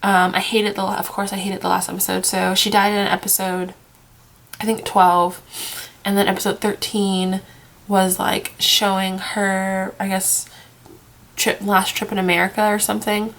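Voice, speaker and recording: A woman's voice: medium pitch, flat delivery, normal speed, a bit bright. A young woman vlogging casually, worn out from crying and short on sleep, rambling and trailing off into whispers. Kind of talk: casual emotional vlog.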